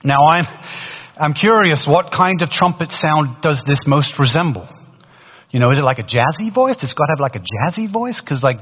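A man preaching a sermon in a lively, conversational way, with a faded British accent and many restarts. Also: a little high, normal speed, slightly rough. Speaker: pastor. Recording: dull sound in a long-reverb hall.

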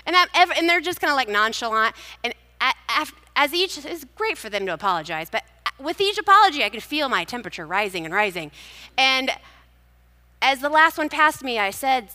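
Woman, devotional sermon, chatty storytelling, bright tone, echoey hall. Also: on the high side, animated, moderate pace. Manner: conversational storytelling with scripture. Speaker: speaker at a church gathering.

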